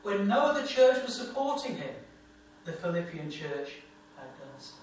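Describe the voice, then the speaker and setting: Man, pastor, sermon, high voice, repetitive emphatic cadence, very echoey room, distant mic. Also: sing-song, normal speed, slight background noise.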